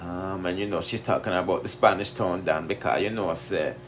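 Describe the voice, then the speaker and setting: A man's voice: sits low, brisk, a little hiss or hum. A man with a Jamaican accent hosting a gossip show, talking casually and repeating tag phrases. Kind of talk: casual commentary.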